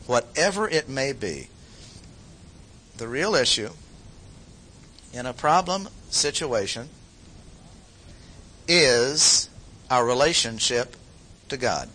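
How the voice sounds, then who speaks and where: A man preaching a sermon, emphatic, repeating key phrases slowly with sudden jumps in pitch. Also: lively intonation, sharp tone, slight background noise, rough recording.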